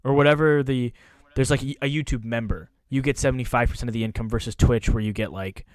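A man's voice: mid-range voice, fast talker, no echo. A man talking loosely and candidly as a podcast guest, swearing now and then. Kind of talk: casual podcast chat.

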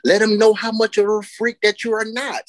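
A woman co-hosting a casual podcast, telling stories loosely with frequent laughter and drawn-out emphasis on key words. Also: fairly high pitch, flat delivery, dry recording. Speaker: podcast co-host.

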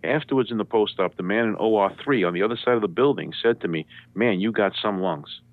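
A man tells his story quickly and with energy, and he acts out the other people's voices as he goes. His voice sits a bit low and comes through a dry, tinny phone line. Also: expressive, dry recording. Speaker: radio show guest. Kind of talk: animated storytelling.

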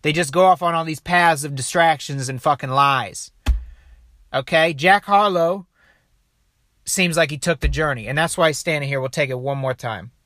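A man giving loose, profane commentary on a video clip, animated and peppering his talk with "dude" and "okay.". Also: on the high side, normal speed, no room sound.

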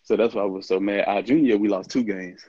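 Animated storyteller man, dull sound. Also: fairly low pitch, fast, no echo. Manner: animated storyteller, laughs often, acts out quoted dialogue. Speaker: interview guest, former college football player. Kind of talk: casual storytelling.

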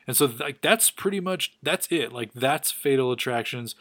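A man giving a casual, enthusiastic comic book recap, quick and full of fillers. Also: medium pitch, expressive, a bit bright, no room sound. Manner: rapid, filler-heavy, enthusiastic.

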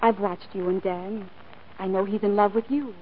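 An actress playing a gentle young woman in a wheelchair, soft and hesitant, in 1940s film acting. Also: medium pitch, steady tone, moderate pace, slight background noise, close to an everyday voice. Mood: sad. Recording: dull old film soundtrack.

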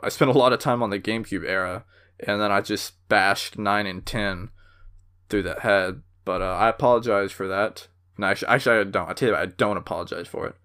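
A young man hosting a solo podcast, ranting in a heated, animated way with lots of fillers. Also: on the low side, clear, resonant tone. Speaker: podcast host.

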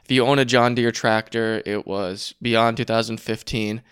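Casting: young guy, smooth clear voice, animated podcast co-host. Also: mid-range voice. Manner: talks in fast restarts, emphatic on alarming points. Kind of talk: casual chat.

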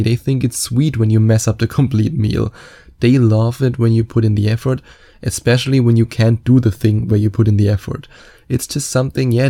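A man's voice: mid-range voice, dark tone. A man speaking as a dating coach in a confident, candid and chatty advice monologue, with self-mocking asides.

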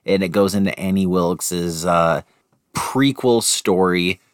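A young man co-hosting a casual chat, full of jokes and teasing asides. His voice is very deep. The recording is close and dry, with no room echo. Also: measured pace, clear, resonant tone. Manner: joking, teasing, playful asides. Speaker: co-host.

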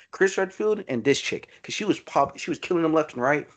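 A man chatting casually about a movie as a podcast co-host, excitable, swearing freely and calling his friend "dude" and "bro.". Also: high voice, moderate pace, few pauses. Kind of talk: casual movie review chat.

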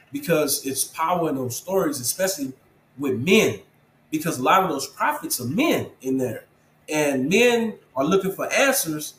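A man with a slightly high voice talks earnestly in an interview, urging listeners like a preacher and calling them bro. His voice bounces around an echoey room, with a faint hum of ambience behind him. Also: a bit bright. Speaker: interview guest, program founder. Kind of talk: casual interview talk.

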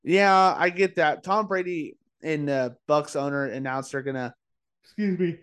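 A man's voice: fairly high pitch, steady tone, a bit bright, clean tone. A tired man co-hosting a casual sports-betting chat late at night, full of "like" and "uh" as he rattles off his picks. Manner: chatty, says "like" and "uh" often, fires off quick picks. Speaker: podcast co-host.

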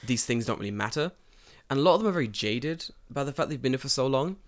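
A man's voice: medium pitch, animated, fast talker, slight background noise. A man in casual podcast chat, telling stories with lots of swearing and acting out quoted voices. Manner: profane, storytelling, acts out quotes. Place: lives in Japan.

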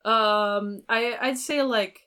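A chatty young woman with a fairly high voice talks as a guest on a podcast. She tells stories with lots of filler words and animated energy. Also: slow pace, clean tone. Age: young adult. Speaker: violinist guest. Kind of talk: casual interview chat.

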